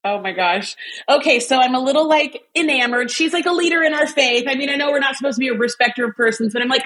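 A bubbly woman with a fairly high voice, chatting in a relaxed way. She tells stories with quick asides and laughs often. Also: poor audio. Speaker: cooking guest. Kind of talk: casual chat.

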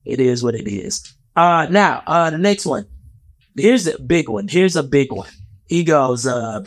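A man's voice: mid-range voice, expressive, unhurried, no room sound, clean studio sound. A man giving a heated, profane, rambling commentary rant in a casual vlog.

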